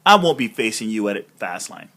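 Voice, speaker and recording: A man's voice: fairly low pitch, very animated, normal speed, bright, forceful tone. A man doing a smug veteran wrestler.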